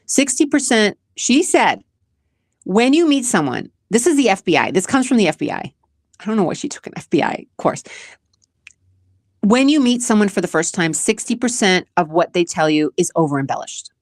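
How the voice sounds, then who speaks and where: A woman's voice: mid-range voice, sing-song, moderate pace, no echo, studio quality. Earnest, emotional woman talking candidly. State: tearful at times. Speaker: podcast host. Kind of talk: casual personal monologue.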